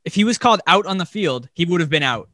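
A man's voice: a little high, expressive, quick pace, sharp tone, no echo. Emphatic man ranting in a dry room. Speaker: podcast co-host. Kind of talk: casual sports podcast chat.

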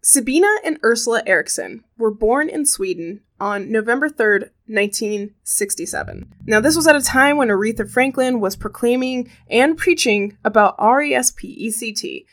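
A woman hosting a true crime podcast, chatty and animated with pop-culture asides. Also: fairly high pitch. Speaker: podcast host.

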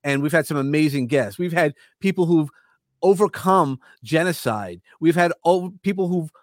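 Guest, male, New York accent, slightly high voice, earnest rambler, dry close sound. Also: moderate pace, no room sound. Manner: rambling, earnest, repeats words when starting. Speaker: podcast host and coach, interview guest. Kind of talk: casual interview talk.

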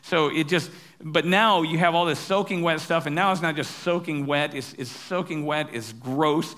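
A male pastor giving a sermon, telling stories in a relaxed, humorous, conversational way. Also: a little high, normal speed.

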